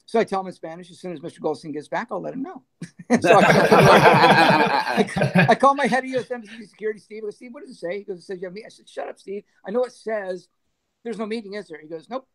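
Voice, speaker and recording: High-voiced man telling wild stories. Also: fast talker, a crowd in the background. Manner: animated storyteller who laughs often and acts out quoted dialogue. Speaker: former band manager, interview guest. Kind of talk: casual storytelling interview.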